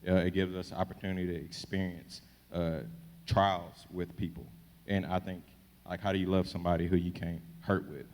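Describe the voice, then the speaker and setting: A man from Texas speaking candidly and personally on a church panel, relaxed and loose. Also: low voice, normal speed, in a large hall. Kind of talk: panel discussion.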